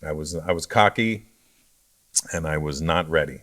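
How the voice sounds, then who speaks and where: A middle-aged man, a comedian guest, telling stories in a relaxed way with dry jokes in a casual interview chat. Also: extremely low pitch, moderate pace.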